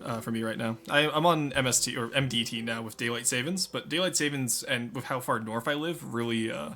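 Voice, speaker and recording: Chatty and joking, a man talks to his viewers during a live game stream. His voice is medium in pitch, brisk and sharp-toned.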